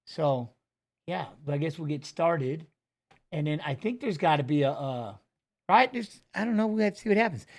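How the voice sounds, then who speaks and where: A man's voice: a little high, expressive, normal speed. A middle-aged man hosting a casual livestream, rambling and joking, with plenty of profanity. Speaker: show host.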